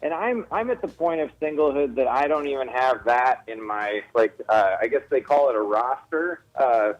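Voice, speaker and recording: A man's voice: mid-range voice, lively intonation, moderate pace. A man, a guest comedian, telling a self-deprecating story with restarts in a casual radio interview. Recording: slightly dull radio broadcast audio.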